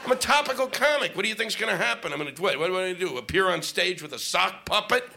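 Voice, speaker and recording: A man doing a stand-up comedy set on stage, ranting and swearing with shouted bursts. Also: sits high, expressive, quick pace, creaky. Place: comedy stage before a live audience. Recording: live stage mic with noisy audience.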